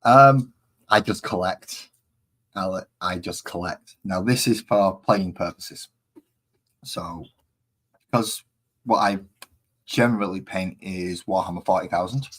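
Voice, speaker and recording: Deep husky guy rambling while he paints minis, easily sidetracked. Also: slow, long pauses, fairly bright tone. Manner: rambling, easily distracted, chatty. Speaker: hobby painting streamer. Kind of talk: casual live-stream chat while painting.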